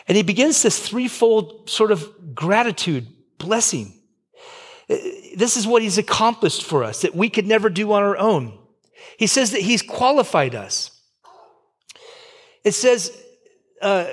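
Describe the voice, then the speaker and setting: High-voiced pastor in his fifties. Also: sing-song, unhurried, husky. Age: 50s. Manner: conversational, joking asides, swings loud and soft. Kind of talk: sermon.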